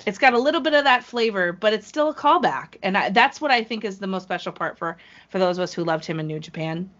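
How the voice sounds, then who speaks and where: Woman gushing about wrestling on a podcast, talks fast and jumps around, kinda muffled audio. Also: medium pitch. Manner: excited, fast-talking fan with restarts and laughs. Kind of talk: casual chat. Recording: slightly dull lo-fi audio.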